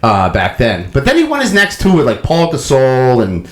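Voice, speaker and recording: A man in his thirties hosts a casual podcast, swearing freely as he tells loose sports and family stories. His voice sits at an ordinary middle pitch for a man. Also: wildly swooping pitch, normal speed. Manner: profane, laid-back storytelling. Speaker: podcast host.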